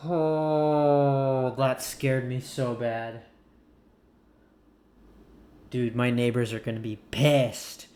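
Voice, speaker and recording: A man's voice: mid-range voice, level tone, very slow, long pauses, darkish tone, a little hiss or hum. Jumpy gaming YouTuber, a man. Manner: jumpy, easily startled, yelps and shrieks; repeats the same phrase over and over under his breath. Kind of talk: blind let's play commentary.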